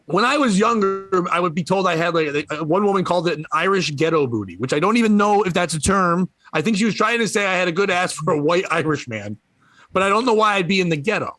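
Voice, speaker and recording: High, bright-voiced joking man. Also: expressive, dry recording. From Connecticut. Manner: joking, swearing, quick riffs. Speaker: comedian podcast host. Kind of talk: casual chat.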